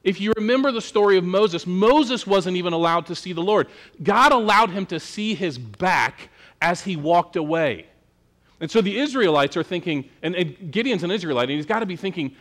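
A man's voice: high-pitched, animated, normal speed, fairly bright tone. A male pastor preaching a sermon in a casual, joking, conversational manner.

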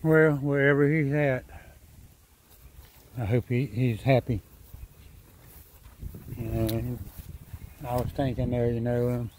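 A man vlogging outdoors in his yard, tired and sad after a sleepless night, talking in a halting, repetitive, subdued way. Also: medium pitch, steady tone, a little mellow, slight background noise. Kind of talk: casual vlog monologue.

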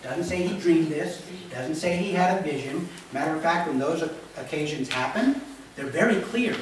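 An expressive male pastor with a slightly high voice, speaking at normal speed, reads scripture and teaches in a conversational sermon. He often pauses to ask the congregation "Okay?" The audio comes from a distant mic in an echoey church sanctuary, with slight background noise.

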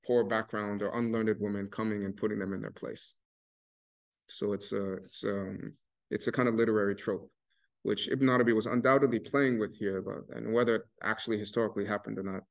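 Casual male lecturer, lo-fi recording. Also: lowish voice. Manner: casual, animated storytelling with many restarts and fillers. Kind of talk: academic talk. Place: university lecture hall.

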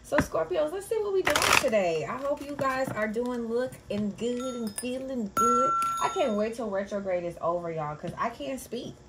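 A young adult woman hosting a casual astrology reading from her home office. She talks loudly and playfully, swears freely and tags most sentences with "okay?". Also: fairly high pitch, animated, moderate pace, few pauses, very noisy. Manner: loud, profane and playful, with frequent "okay?" tags. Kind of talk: casual tarot reading vlog.

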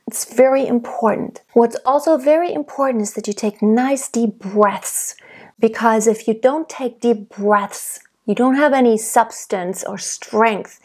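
Soft-spoken, higher-pitched woman vocal coach. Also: measured pace, breathy edge. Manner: calm, explanatory teacher who demonstrates by singing. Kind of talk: singing lesson.

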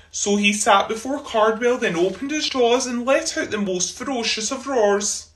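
A woman reading a rhyming children's storybook aloud, expressive and rhythmic. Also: on the high side, a little slow. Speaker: school reader.

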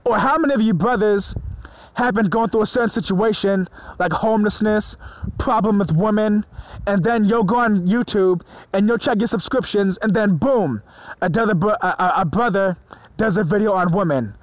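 A man preaching to his viewers in an excited, informal way, often stumbling over his words and swearing freely. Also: sits high, moderate pace, dry recording, poor audio. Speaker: religious video preacher. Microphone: phone or screen recorder mic.

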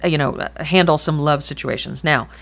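A woman's voice: deep voice, moderate pace, vocal fry, fairly bright tone. A middle-aged woman giving a chatty tarot reading to camera, rambling and thinking aloud, swearing casually and speaking bluntly. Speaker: tarot reader.

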